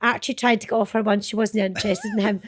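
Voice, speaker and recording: A fast-talking woman of medium pitch and steady tone is heard with slight background noise. The middle-aged Scottish actress appears as a guest, casually recalling her old work with laughter and swearing.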